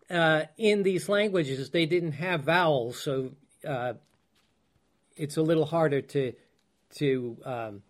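A man preaching a teaching sermon, unhurried, with many fillers and restarts and emphatic repetitions. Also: fairly high pitch.

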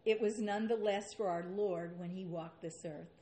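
A woman's voice: mid-range voice, steady tone, moderate pace, dark tone. A woman preaching a sermon and reading scripture aloud, with an earnest manner and rhetorical questions.

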